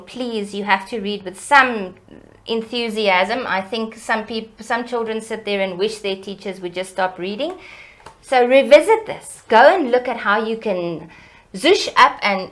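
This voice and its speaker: A middle-aged woman educator, explaining child development in a lively, teacherly way in an interview. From South Africa. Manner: animated, teacherly, varies pitch and loudness for emphasis.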